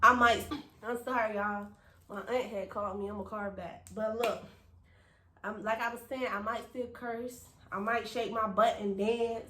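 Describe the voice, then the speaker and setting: A woman's voice: fairly high pitch, fairly even intonation, moderate pace, bright, forceful tone, reverberant. A woman giving a personal faith testimony to her viewers in an emphatic, preachy way, repeating phrases and calling out to them as y'all. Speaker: faith vlogger.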